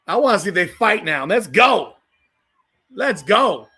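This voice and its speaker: A man with a high, bright voice delivers heated, profane watch-party commentary. He swings widely in pitch as he rants. He hosts a live podcast stream. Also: big pitch swings, a little slow, creaky. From South Florida. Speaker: podcast host.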